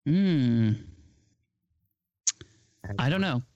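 Slow-talking young man, easily amused. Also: medium pitch, lively intonation, mellow, muffled recording. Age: young adult. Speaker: show regular. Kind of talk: casual chat.

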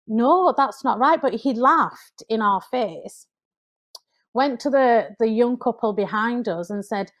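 A woman's voice: on the high side, slow. Earnest English woman telling a story. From United Kingdom. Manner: earnest, animated when quoting people. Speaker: podcast guest. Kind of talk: conversational storytelling.

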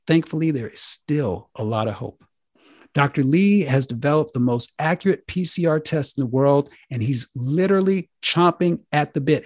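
A man hosting a talk show, speaking earnestly and with drawn-out emphasis. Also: a little high, darkish tone, no room sound, clean studio sound. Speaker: host.

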